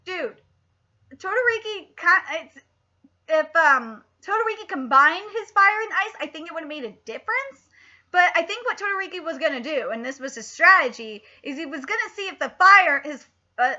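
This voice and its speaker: A woman with a very high voice gives live reaction commentary, swooping up and down as she gets worked up. She swears freely and breaks into laughs. Her voice is bright and sharp, and the home stream audio is muffled and lo-fi. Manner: excitable, frequent swearing, laughs a lot.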